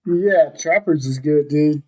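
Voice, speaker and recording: A man hosting a casual podcast chat, laid-back and quick to laugh along. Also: fairly high pitch, mellow, muffled recording. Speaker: podcast host.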